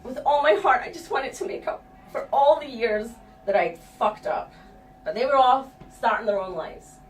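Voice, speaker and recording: A middle-aged woman with a medium-pitched voice shares a personal story live on stage, speaking frankly, swearing and laughing at her own expense. The recording has an echoey room, a distant mic, faint ambience and a little hiss or hum.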